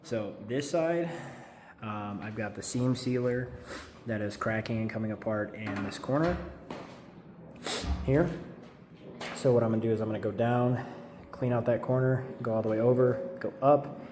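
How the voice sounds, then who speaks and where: A man's voice: mid-range voice, normal speed, pauses often, background noise. A man in his thirties casually talking through his car build in a home garage, rambling with lots of fillers.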